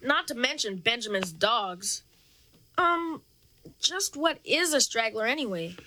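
A woman's voice: a little high, expressive. A wisecracking teenage boy. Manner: quippy, quick comebacks. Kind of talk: radio drama acting. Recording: loud background noise.

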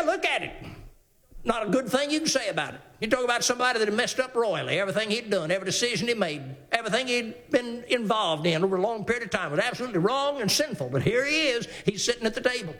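A man preaching with great animation, his voice sitting very high and sounding bright and forceful. He slips into the characters of the story as he goes and reads scripture slowly and deliberately. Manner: reads scripture in slow King James cadence. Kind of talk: sermon.

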